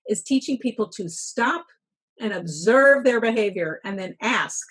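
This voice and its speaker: Husky middle-aged woman coaching. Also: medium pitch, expressive, a little slow, a bit bright. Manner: storytelling, coaching tone. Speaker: guest, workplace wellness speaker. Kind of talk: podcast interview.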